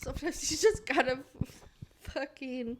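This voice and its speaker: A woman co-host chatting loosely on a podcast, laughing often and swearing as she goes. Her voice sits somewhat high. A faint noise floor runs under the recording. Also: unhurried. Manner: giggly, swears casually. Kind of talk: casual chat.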